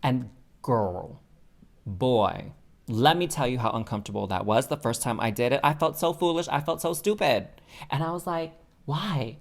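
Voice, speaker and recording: A man giving a pick-a-card tarot reading as host, sassy and expressive, calling the listener honey. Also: mid-range voice, moderate pace, vocal fry. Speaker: tarot reader.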